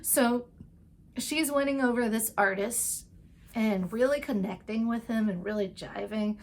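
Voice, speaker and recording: A woman giving a casual, gushing recap of TV episodes, chatty and full of "like" and "um", briefly acting out the characters' lines. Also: a little high. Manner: acts out characters' lines in quick asides. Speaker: TV recap and tarot vlogger.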